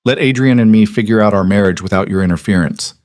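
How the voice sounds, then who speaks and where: A man voicing a desperate young noblewoman in an audiobook romance, earnest and steady. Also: fairly low pitch, fast talker, dry recording, clean studio sound, lightly acted. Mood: resolute.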